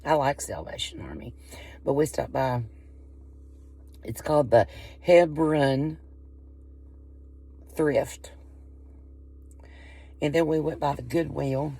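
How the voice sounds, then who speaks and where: A woman's voice: deep voice, slow pace, pauses often, mellow, husky. A woman with a Southern Appalachian accent who chats casually to the camera, rambling and folksy and often breaking off her own sentences. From Appalachian coal country, US. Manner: rambling, folksy, interrupts herself. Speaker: vlogger.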